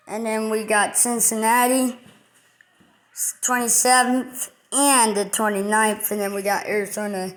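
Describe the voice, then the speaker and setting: A woman who hosts sports videos reads off a schedule entry by entry in a relaxed news rundown. Her pace is slow, her voice somewhat high, and she delivers it haltingly, like a list.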